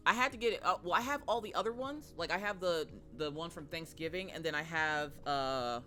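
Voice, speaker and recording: A chatty woman hosts a live stream. Her voice is bright and forward, and she greets viewers and laughs easily in casual talk. Faint music plays behind her. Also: lowish voice, brisk. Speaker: streamer host.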